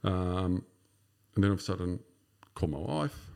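A man in his fifties with an Australian accent and a very low voice, telling his story as a podcast guest. His voice has a rough, gravelly texture. He rambles casually and leans on "sort of" and "you know". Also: lively intonation, normal speed, a little mellow. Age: 50s.

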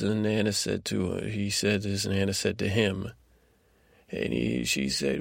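Male storyteller, low gravelly voice, dry close sound, meandering bedtime tale full of restarts. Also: no echo. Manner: meandering and digressive, with many halting restarts. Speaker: podcast host and storyteller.

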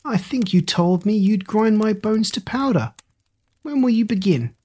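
A storyteller voicing a bold, cheeky young male hero who talks brisk and mocking. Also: mid-range voice, darkish tone, husky, lightly acted. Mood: jeering.

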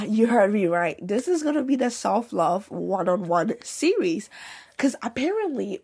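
A young woman hosts her podcast in a loose, slangy chat, her voice breathy and a little husky. She talks animatedly and swings her pitch high and low as she goes. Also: darkish tone. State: recovering from a cold. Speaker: podcast host.

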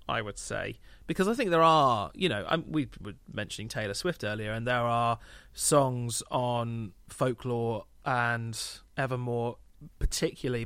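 A man co-hosting a casual music review podcast, measured and hedging, with frequent restarts. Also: medium pitch, a bit bright, dry recording. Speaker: podcast co-host.

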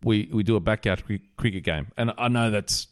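An Australian man co-hosting a casual podcast chat, jokey and quick to laugh. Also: lowish voice. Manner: chatty, jokey, laughs often. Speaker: podcast co-host.

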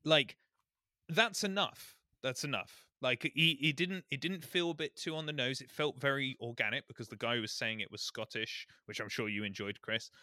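A man on a podcast, chatting in an animated, mock-outraged way and acting out lines he quotes. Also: mid-range voice, normal speed, no echo, studio quality. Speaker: podcast co-host. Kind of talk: casual chat.

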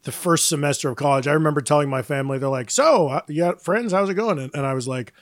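A man's voice: on the high side, fast talker, no room sound, studio quality. A man in his thirties co-hosting a podcast, telling stories and acting out quotes in casual chat. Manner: storytelling with acted-out quotes. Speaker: podcast co-host.

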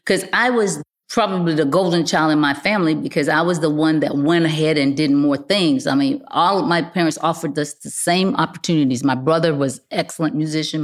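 An older woman speaks as a guest in a relaxed conversation, her voice sitting a little low. She tells stories with animation, leaning on repeated phrases to drive each point home. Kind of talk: casual chat.

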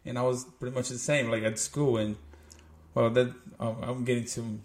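A man from Brazil with a Brazilian Portuguese accent, speaking English as a second language in a casual podcast chat, animated and acting out quotes with loud bursts. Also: mid-range voice, normal speed. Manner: animated, acts out quotes with sudden loud outbursts. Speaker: podcast co-host.

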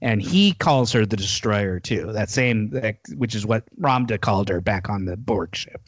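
A man's voice: on the low side, expressive, moderate pace, no room sound, clean studio sound. A man chatting casually as he recaps a TV episode, rambling and retelling scenes with lots of filler.

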